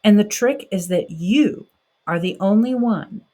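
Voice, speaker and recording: A woman's voice: medium pitch, a little slow, dark tone. Encouraging woman podcast host. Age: 40s. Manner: direct, encouraging, conversational. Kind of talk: motivational monologue.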